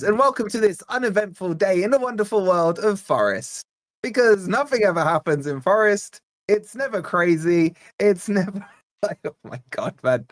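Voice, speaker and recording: An upbeat man hosting a live stream, chatting casually and reading out super chats with shout-outs. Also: a little high, no echo, clean studio sound.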